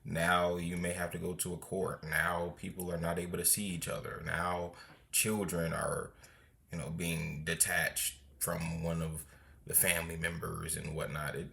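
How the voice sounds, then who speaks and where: A man hosting a podcast, offering calm, measured advice to listeners. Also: sits low, creaky. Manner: measured, advisory. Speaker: podcast host. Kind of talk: commentary.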